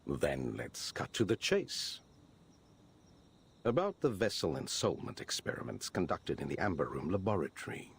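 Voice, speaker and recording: A man doing a deep British gentleman. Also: very animated, moderate pace, slight background noise. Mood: measured.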